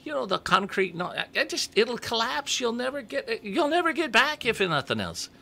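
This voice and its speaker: A man voicing a feisty old male leprechaun in a high, squeaky voice, telling a joke on the radio. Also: big pitch swings, normal speed, creaky, sharp tone, exaggerated voice. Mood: apologetic.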